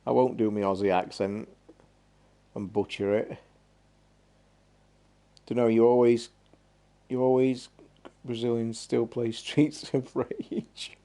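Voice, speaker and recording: A man's voice: mid-range voice, fairly even intonation, slow, long pauses, mellow. A man hosting a gaming live stream, chatting in a rambling, blunt and sweary way. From England. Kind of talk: casual live-stream chat.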